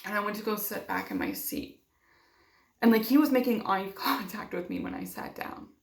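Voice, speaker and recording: Her medium-pitched voice swings hugely in pitch as this young vlogger tells a personal story at a moderate pace. She grows emotional, plays out quoted dialogue, and fills gaps with many fillers, in a room with noticeable echo.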